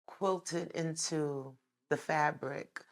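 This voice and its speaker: A woman from New York hosting an interview, asking measured questions and murmuring agreement as her guest talks. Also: sits low, fairly even intonation. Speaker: host.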